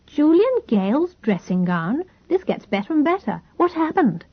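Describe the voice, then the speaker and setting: A bright, teasing young sister chatters along in a raised, playful register, as a woman reader puts her on. The recording is dull and lo-fi, its top end muffled. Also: medium pitch, expressive, normal speed, lightly acted. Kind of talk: audiobook character voice.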